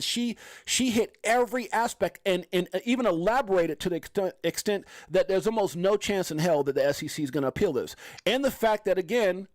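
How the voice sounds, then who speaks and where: Man, livestream host, high-pitched, excitable, rambling, dry close sound. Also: dry recording. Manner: excitable, rambling, mocking asides. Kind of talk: casual livestream commentary.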